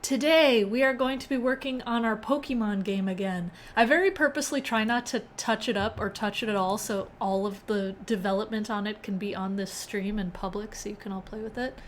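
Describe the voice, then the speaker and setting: A young woman hosting a relaxed live-coding stream talks fairly quickly with few pauses, her medium-pitched voice over a little hiss or hum. She chats with viewers, reads the chat out loud and laughs often.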